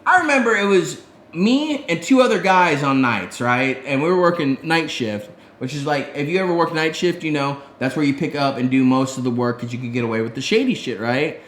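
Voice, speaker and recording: A man co-hosting a podcast, telling stories in a casual, profane, animated way. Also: on the high side, brisk, roomy sound, a little hiss or hum. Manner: profane, animated storyteller, heavy swearing. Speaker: podcast co-host. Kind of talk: casual storytelling chat.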